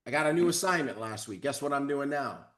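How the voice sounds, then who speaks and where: A network marketing trainer gives a high-energy motivational training talk, coaching his audience and acting out sample phone calls. His mid-range voice is fairly bright, animated and fast.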